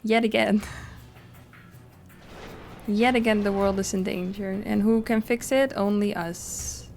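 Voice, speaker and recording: A woman's voice: mid-range voice, fairly even intonation, slow, gravelly, a little mellow. A woman streamer chatting casually to her viewers while she plays and reads the game's dialogue aloud, laughing easily. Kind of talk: casual gameplay commentary. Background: game music.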